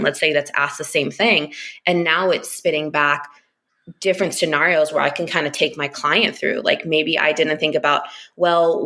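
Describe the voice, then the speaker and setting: A woman speaking as a podcast guest in a casual interview chat, talking quickly with frequent fillers and easy laughter. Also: deep voice, fairly bright tone. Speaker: podcast guest, business analyst.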